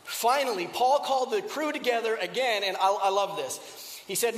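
A man preaches a sermon, retelling a story in an easy, conversational way and turning often to rhetorical questions. His voice sits very high. The recording carries the long reverb of a large church sanctuary. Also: normal speed, fairly bright tone. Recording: echoey hall with long reverb.

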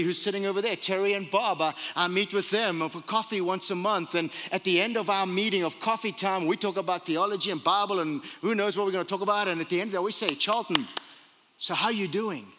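A male pastor preaches emphatically in a church sanctuary, asking rhetorical question after rhetorical question. His voice is high, pushed and bright, carrying a big-room sound.

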